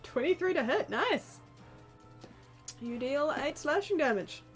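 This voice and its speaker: A woman's voice: high-pitched, animated, measured pace. A woman running a tabletop game as game master over an online call, upbeat and chatty, laughing easily. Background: faint background music.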